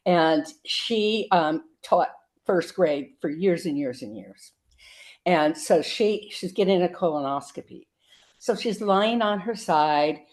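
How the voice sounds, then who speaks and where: An older woman comedian telling a story in an interview, halting with ums and restarts. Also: lowish voice, lively intonation, darkish tone. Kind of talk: casual interview chat.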